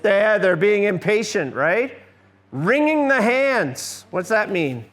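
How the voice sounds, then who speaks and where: A man's voice: high voice, very animated, takes it slowly, fairly bright tone. A middle-aged man giving a conversational church workshop lecture, often asking the audience questions. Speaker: seminar presenter.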